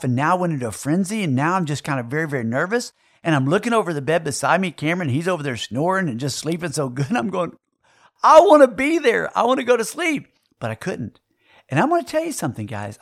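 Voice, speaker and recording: Man, preaching, animated delivery, somewhat high voice. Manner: animated, with dramatic shifts in loudness and pace. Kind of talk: sermon with personal storytelling.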